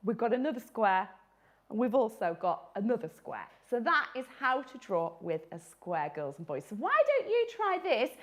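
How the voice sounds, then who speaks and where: A woman's voice: fairly high pitch, big pitch swings, normal speed. A woman who illustrates children's books, giving a live drawing tutorial for children and gasping and exclaiming over her sketches.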